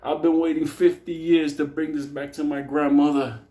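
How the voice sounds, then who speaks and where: Guy doing a gruff old man saying thanks, plain voice, storytelling. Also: a little high, little pitch movement, normal speed, dark tone, pitched below the performer's own voice, lightly acted. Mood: grateful.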